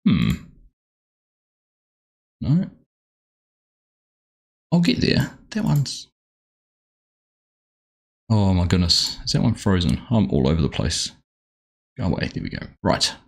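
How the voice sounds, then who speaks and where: A man's voice: low voice, very animated, slow, creaky, long pauses, slightly rough. An Australian man chatting casually on a live game stream, rambling as he sets up and greeting viewers one by one.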